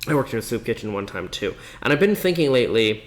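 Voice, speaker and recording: A man co-hosting a podcast, speaking calmly and supportively with soft fillers. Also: mid-range voice, fast talker. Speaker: podcast co-host. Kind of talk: casual podcast chat.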